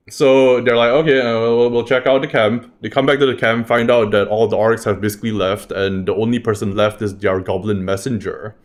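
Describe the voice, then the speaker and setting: A man recapping a tabletop game session in a loose, rambling way, swearing freely. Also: lowish voice. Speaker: game master recapping a campaign. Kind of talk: casual spoken recap.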